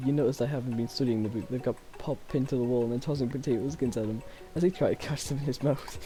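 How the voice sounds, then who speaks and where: A male streamer reads a dating game aloud and keeps breaking off for playful jokes and laughs. His voice is mellow and dark. Faint music plays behind him. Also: medium pitch, fairly quick. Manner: playful, laughing, joking asides.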